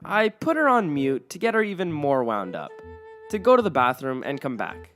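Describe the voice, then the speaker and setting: Woman reading reddit stories, wry and bouncy, lowish voice. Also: normal speed, faint music behind. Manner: wry, lively storytelling. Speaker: story narrator.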